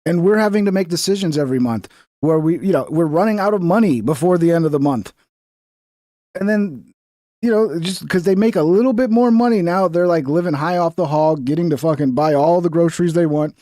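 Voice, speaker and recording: A man in his thirties with a slightly high voice, riffing through reaction commentary with sarcasm and plenty of swearing. He talks in a rambling, casual way, and the recording is dry and close. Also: brisk, warm tone, no echo. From Texas.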